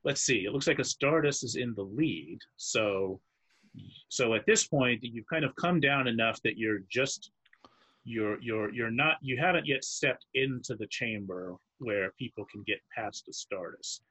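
A man narrating as game master of a tabletop game, halting and searching for words as he describes each scene. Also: medium pitch, bright, forceful tone, breathy edge.

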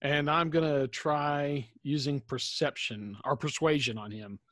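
A man as a player in a tabletop game, calmly describing what his character does. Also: fairly high pitch, unhurried, dry recording. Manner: relaxed, stating actions.

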